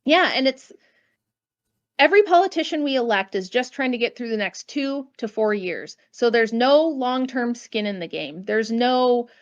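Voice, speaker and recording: A woman's voice: fairly high pitch, lively intonation, normal speed, muffled recording. An American woman, a guest author, giving blunt, emphatic opinions in an interview with casual asides. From United States.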